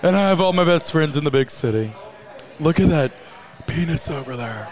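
A man's voice: on the high side, expressive, moderate pace, natural voice. A man doing an over-the-top parody of a brash, flirty city woman. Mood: mocking. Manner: over-the-top mocking impression.

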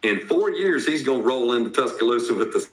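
A man with a strong Southern accent, co-hosting a casual sports podcast in a blunt, salty, animated way. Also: mid-range voice, a little fast, echoey room, poor audio. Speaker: podcast co-host.

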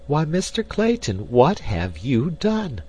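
A man's voice: fairly low pitch, expressive, measured pace, darkish tone, breathy edge, exaggerated voice. A man reading the part of a proud young woman, earnest and dignified.

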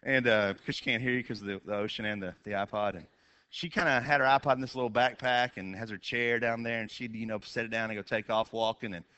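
A man telling a comic story on stage, animated, with quick asides and sudden shouted bursts. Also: on the low side, clean tone, muffled recording. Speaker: comedian. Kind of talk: storytelling stand-up.

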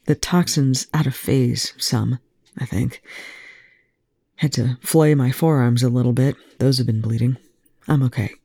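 A worn-out male commander with a rasping, low growl, as a reader puts him on. He speaks tersely and under strain, in a mellow, dry-sounding storybook reading. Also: steady tone, measured pace, no room sound. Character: weary wounded male military commander. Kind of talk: fan fiction audiobook reading.

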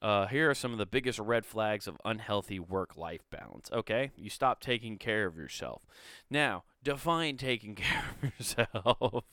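Man, casual reading with sarcastic asides, lots of swearing, low and smooth, dry close sound. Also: a bit bright, no room sound. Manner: rambling, sarcastic, swears a lot. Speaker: video host.

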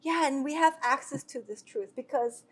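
A woman's voice: high-pitched, moderate pace. A woman earnestly sharing a personal faith testimony with viewers, talking loosely with many fillers and restarts. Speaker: speaker sharing a devotional.

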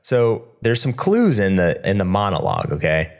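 Brief: deep-ish male podcast co-host, casual trivia banter, expressive ups and downs. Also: normal speed. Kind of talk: casual chat, movie trivia game.

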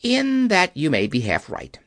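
A man doing a calm commanding engineer chief. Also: high-pitched, a little slow, dry recording, studio quality, exaggerated voice. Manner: quiet, cutting, authoritative.

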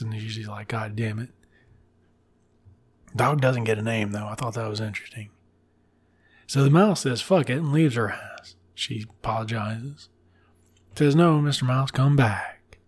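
Podcast host, male, husky timbre, loose profane storytelling with side comments. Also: mid-range voice. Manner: irreverent, swears freely, drops asides. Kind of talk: casual profane story retelling.

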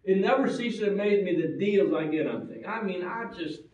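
A man preaching a sermon, stressing and repeating key words, at times rising loud and at times dropping very quiet. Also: high voice, animated, brisk. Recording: echoey and distant, dull sound.

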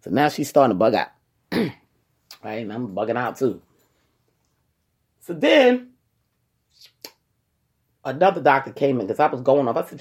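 Husky, lively woman telling a story. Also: extremely low pitch, a little slow, pauses often. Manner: animated, acts out quoted voices; colloquial, addresses listeners as y'all. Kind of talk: casual storytelling to viewers.

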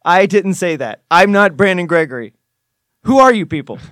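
This is a nervous, evasive football coach, put on by a man who keeps rambling in his own defense and breaking into jittery laughter. His voice sits fairly high. The sound is dry and close. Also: lively intonation, moderate pace, fairly bright tone, no room sound. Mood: flustered. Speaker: podcast co-host.

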